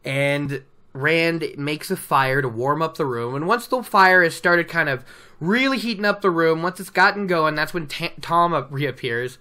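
Chatty book recap podcaster, bright voice, laughs a lot, reads off notes. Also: mid-range voice, lively intonation, a little slow, clear, resonant tone. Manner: chatty, laughing, self-interrupting. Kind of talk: casual retelling of a novel from notes.

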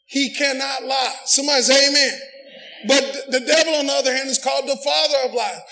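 A middle-aged man preaching a sermon, often shouting and calling for amens from the congregation. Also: extremely high pitch, fairly even intonation, brisk, low-quality recording. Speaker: pastor.

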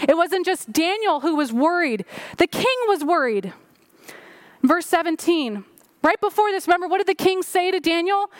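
High-voiced woman pastor preaching. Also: no room sound. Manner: preaching with rising and falling emphasis, prayerful. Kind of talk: sermon.

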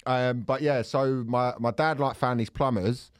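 A man's voice: medium pitch, fairly even intonation, a little slow, smooth, dry recording, clean studio sound. A man in casual podcast chat, telling a story with lots of swearing, restarts and fillers. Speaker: podcast host.

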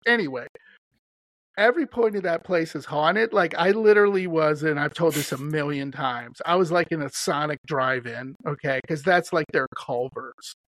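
A man from Wisconsin who hosts a podcast, chatty and animated, telling stories and laughing often. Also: fairly high pitch, normal speed, dry recording. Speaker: podcast host. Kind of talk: casual podcast chat.

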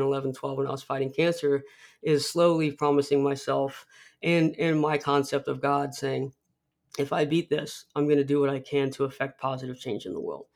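A man's voice: mid-range voice, a little mellow. A young man, a podcast guest, telling a personal story in a rambling way with many restarts. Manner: rambling, many restarts, acts out film quotes.

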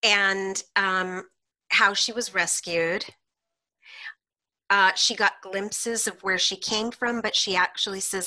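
On a podcast, a hypnotherapist guest tells animated stories about her clients, laughing often between lines. She has a mid-range voice and speaks at a slow pace in this interview-style storytelling.

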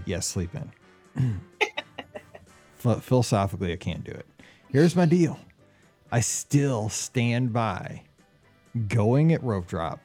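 A man's voice: mid-range voice, dark tone. A man hosting a podcast, chatting casually and reading listener emails aloud. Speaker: podcast host.

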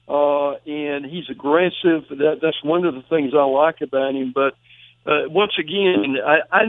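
A man's voice: on the high side, dry recording. Stammering male guest on a tinny phone line. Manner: emphatic, stammers and restarts. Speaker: college football guest analyst. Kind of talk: phoned-in sports radio talk.

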